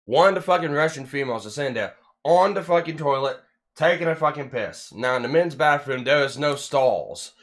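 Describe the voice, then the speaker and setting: A man hosting a loose podcast chat, rambling through a story and swearing constantly. His voice sits in an ordinary middle pitch, and he often stumbles and restarts his sentences. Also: normal speed. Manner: rambling, heavy swearing, animated retelling. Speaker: podcast host.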